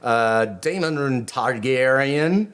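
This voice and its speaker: Chatty rabbi rambling about a show. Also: male voice, medium pitch, expressive, very slow, fairly bright tone, clean tone. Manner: rambling, self-interrupting, chatty asides. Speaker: rabbi and channel host. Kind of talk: casual video commentary.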